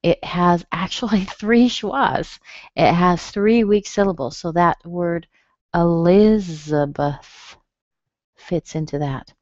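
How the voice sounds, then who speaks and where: Low-voiced woman teaching pronunciation. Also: no room sound. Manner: slow, careful, over-enunciated demonstrations of stress. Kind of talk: webinar lesson. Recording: dull, dry webinar audio.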